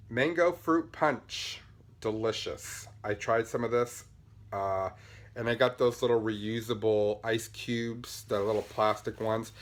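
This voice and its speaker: A man with a somewhat low voice talks in a loose, rambling, upbeat way, full of ums and asides. He sounds buzzed on caffeine and talks fast as he shows things off in a casual podcast chat. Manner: chatty, rambling, upbeat, with many fillers. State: buzzing on caffeine, talking fast. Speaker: podcast host. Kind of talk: casual show-and-tell chat.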